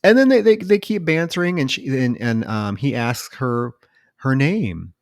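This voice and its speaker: A man's voice: mid-range voice, expressive, measured pace, dry recording, studio quality. A man co-hosting a film podcast, recounting scenes casually and swearing now and then. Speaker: podcast co-host.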